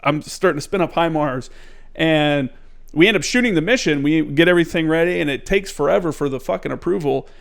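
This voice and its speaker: A man hosting a podcast, telling stories in an animated, casual way and swearing freely. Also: on the high side, brisk, gravelly. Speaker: podcast host. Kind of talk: casual conversation.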